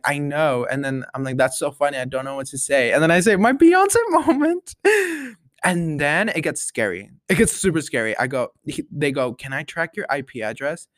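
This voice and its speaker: A man's voice: fairly high pitch, a bit bright, no room sound, studio quality. Rambling, dramatic young man on a podcast. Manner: rambling, dramatic storytelling with many fillers and repeated "like". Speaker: podcast host. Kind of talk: casual solo podcast chat.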